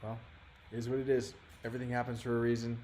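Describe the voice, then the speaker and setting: A man's voice: mid-range voice, flat delivery, quick pace, a little mellow. Casual streamer guy in his thirties, chatty and self-mocking, faint noise behind. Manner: frustrated, rambling, self-deprecating. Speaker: livestream host. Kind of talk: casual livestream chat.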